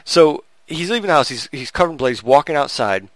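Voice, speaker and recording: A man's voice: on the high side, a little fast, no echo. A man co-hosting a podcast, retelling a movie in a casual, rambling way with lots of restarts. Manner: rambling, animated storytelling with frequent restarts and laughs. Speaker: podcast co-host reviewing a movie. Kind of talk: casual chat.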